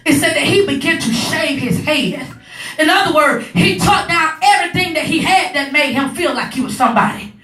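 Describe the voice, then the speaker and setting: High, bright woman preaching in an echoey hall. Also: expressive, distant mic. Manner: builds from low, measured teaching to shouted, rising preaching. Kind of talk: sermon.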